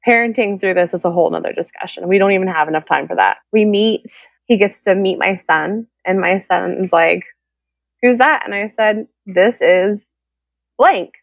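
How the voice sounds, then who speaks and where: A woman's voice: medium pitch, moderate pace, vocal fry, dry recording, highs cut off. Woman telling her story over a thin phone-ish line, dry sound, gets emotional. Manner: emotional, quotes people in their own voices. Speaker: guest sharing her story. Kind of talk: candid storytelling.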